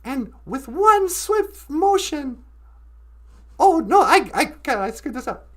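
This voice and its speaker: Woman, storyteller host, playful, laughing, slow, casual. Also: sits high, big pitch swings, fairly bright tone. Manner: playful, laughing, self-correcting.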